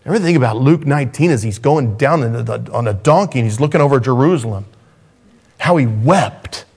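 A man preaching a sermon as a pastor, swinging from raised, intense passages down to hushed, soft ones. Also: medium pitch, expressive, brisk, breathy edge.

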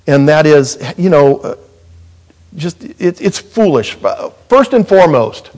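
Animated jokey male preacher. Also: slow. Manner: animated, jokey preaching with sudden loud high bursts. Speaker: pastor. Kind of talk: sermon.

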